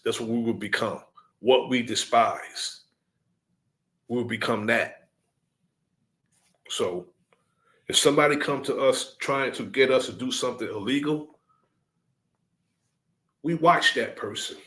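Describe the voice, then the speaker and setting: A man addressing his followers in a deliberate, preaching cadence, repeating his key points. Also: mid-range voice, a bit bright.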